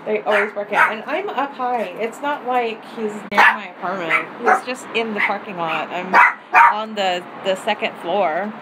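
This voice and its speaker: A woman's voice: medium pitch, normal speed, heavy background noise. A woman chatting casually on a live stream from her phone at home, giggling often. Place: home apartment. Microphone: phone held up.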